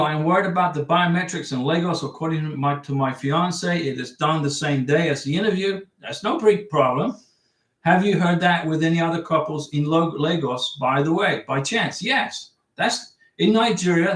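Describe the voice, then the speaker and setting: A man's voice: on the high side, far from the mic. A man hosting a casual livestream, reading viewer questions aloud and answering bluntly in a chatty way. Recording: echoey room, voice off-mic.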